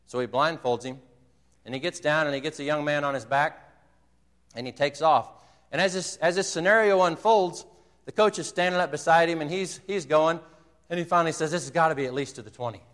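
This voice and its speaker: A man's voice: a little high, normal speed, fairly bright tone, in a large hall. A man preaching a sermon, earnestly retelling a movie scene and quoting its dialogue. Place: church sanctuary.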